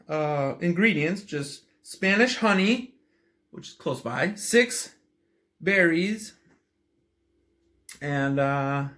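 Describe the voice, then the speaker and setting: A chatty man vlogging in an easygoing, rambling way, full of enthusiasm and fillers. His voice sits fairly high, swings widely in pitch and has a bright, forceful edge. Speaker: vlogger tasting drinks. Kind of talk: casual tasting vlog.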